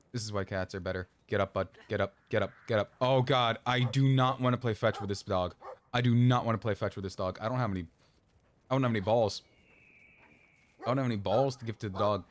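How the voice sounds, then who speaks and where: A man's voice: lowish voice, slight background noise. A man streaming a video game, rambling and joking as he plays and talking back to the characters on screen. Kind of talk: casual gameplay commentary.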